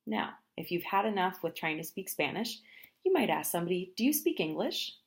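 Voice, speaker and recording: A woman teaching travel phrases in a language lesson, explaining each phrase and then saying it slowly, often twice. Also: fairly low pitch, sing-song, vocal fry. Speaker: Spanish teacher.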